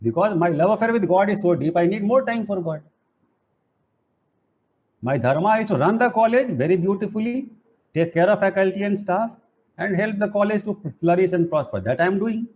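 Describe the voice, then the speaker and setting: A middle-aged man, giving an animated spiritual talk full of playful, emphatic rhetorical questions. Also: sits high, normal speed. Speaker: spiritual teacher and college head.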